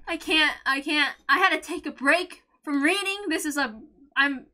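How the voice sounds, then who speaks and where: A high-voiced woman speaking at normal speed hosts a visual novel read-along. Her reaction commentary turns into an impassioned rant, with shouting and stammering as she nears tears.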